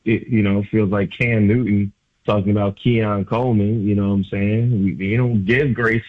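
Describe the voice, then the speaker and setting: Guy calling in on a phone line, kinda low voice, dry, says like a lot. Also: steady tone, normal speed, no echo. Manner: loose and emphatic, lots of filler likes. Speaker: sports writer guest. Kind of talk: casual sports radio analysis.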